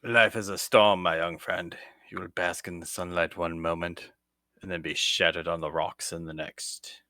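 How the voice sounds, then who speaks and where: A man's voice: low voice, little pitch movement, moderate pace, sharp tone, dry recording, clean studio sound, voice pushed down. A man putting on a solemn, theatrical voice as a wise mentor giving grave advice.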